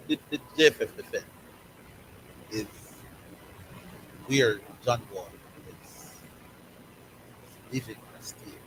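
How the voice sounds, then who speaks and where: Jamaican man, sports talk host, bright forceful tone, hammers his points home with repetition. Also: medium pitch, slight background noise, low-quality recording. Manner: emphatic, repeats words and phrases for stress.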